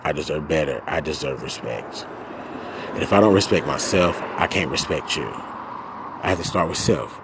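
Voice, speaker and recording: A man hosting a podcast, ranting angrily and profanely, swinging from low muttering to loud outbursts. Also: normal speed, background noise. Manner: profane, venting, swings between muttering and shouting. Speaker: podcast host. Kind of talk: angry solo podcast rant.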